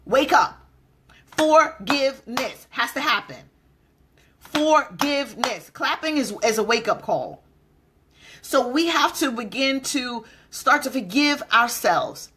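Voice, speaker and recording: A woman's voice: animated, slow pace, background noise. A middle-aged woman giving an emphatic motivational talk, drawing out key words and jumping into quoted voices. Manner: acts out quoted voices with sudden pitch jumps. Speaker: motivational speaker.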